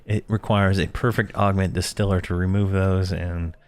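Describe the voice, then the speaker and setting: A man's voice: low-pitched, level tone, moderate pace. A man hosting a casual gameplay guide, talking in a rambling, self-correcting way with frequent chuckles while losing his voice. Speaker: gaming channel host.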